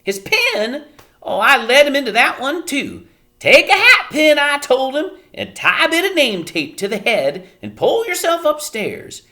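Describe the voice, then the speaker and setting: A woman voicing a fretful, tearful little borrower mother in a storybook reading, with a high, quavering, dramatic voice. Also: wildly swooping pitch, unhurried, a bit bright. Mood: distraught.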